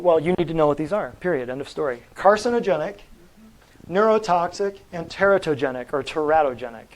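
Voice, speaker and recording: A man's voice: sits high, rough recording. A man giving a natural health talk to a live audience, blunt and combative, quizzing the room with questions.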